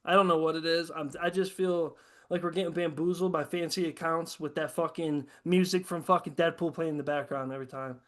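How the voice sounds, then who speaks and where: A man hosting a casual podcast chat, talking in a profane, excitable, ranting way. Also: a little high, fairly quick. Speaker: host.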